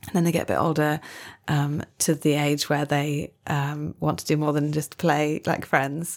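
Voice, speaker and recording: A woman's voice: deep voice, unhurried, hardly any pauses. Chatty Welsh woman telling a tale. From Wales. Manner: chatty, laughs often, animated retelling. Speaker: guest storyteller. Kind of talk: casual storytelling chat.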